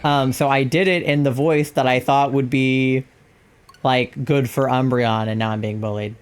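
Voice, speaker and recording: A woman's voice: very deep voice, lively intonation, slow pace, clean tone. A young adult woman chatting casually on a live stream, rambling and filling her talk with "like". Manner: rambling, full of "like" fillers. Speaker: livestreamer.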